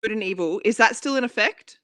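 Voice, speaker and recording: A woman's voice: fairly high pitch, fairly quick, a bit bright, no echo. Eager woman player, dry close sound. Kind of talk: casual tabletop game chat.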